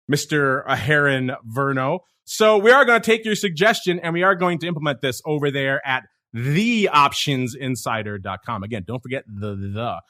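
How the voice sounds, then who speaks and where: A bright, forceful-sounding man hosting a casual podcast. He talks with energy, rattling through listener questions and side comments in a loose, chatty flow. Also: medium pitch. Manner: energetic, talkative, reads listener questions aloud. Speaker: podcast host.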